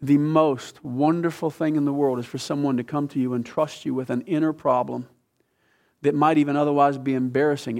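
A man preaching to his congregation, his voice sitting a little high and climbing further when he reads verses aloud. He talks in a counselor's way, checking in with the listeners with questions as he goes. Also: steady tone, fairly quick, creaky, darkish tone. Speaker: pastor and counselor. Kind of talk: sermon.

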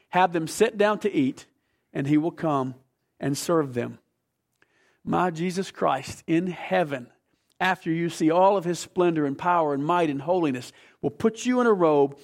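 Gravelly emphatic male preacher. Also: on the high side. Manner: emphatic, swings between loud and soft, asks the room questions. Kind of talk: sermon.

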